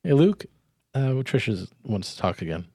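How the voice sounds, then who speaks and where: A man's voice: medium pitch, sing-song, moderate pace, mellow, no room sound. A man improvising a tired, reluctant call-centre operator who sighs through the call. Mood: weary.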